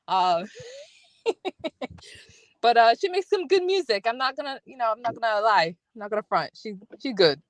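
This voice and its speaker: A woman guest on a live stream, talking casually and hesitantly with plenty of fillers. Her voice is a little higher than average and sounds close and dry, with no room around it. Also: dry recording, poor audio.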